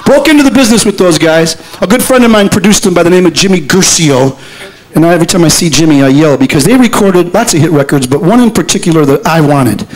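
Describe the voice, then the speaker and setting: A man's voice: a little high, expressive, fast talker, poor audio. A middle-aged man, a lead singer, chatting playfully with the audience between songs on a concert stage. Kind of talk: stage patter at a live concert. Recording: live concert recording with loud band. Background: loud band music.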